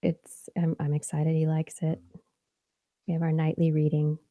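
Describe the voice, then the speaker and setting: A woman in her thirties co-hosting a podcast, chatting casually with many fillers and pauses. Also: low voice, monotone, warm tone, no room sound, clean studio sound. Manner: halting, many fillers, playful with silly voices. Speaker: podcast co-host. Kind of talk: casual chat.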